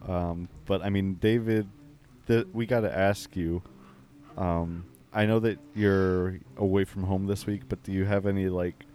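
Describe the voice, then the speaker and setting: A man hosting an improvised comedy chat in a deadpan, mock-serious way. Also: sits low, measured pace.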